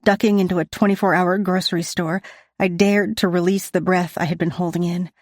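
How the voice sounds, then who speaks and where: Woman, audiobook narrator, first-person storytelling, lower voice, dry recording. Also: level tone, fairly quick, dry recording.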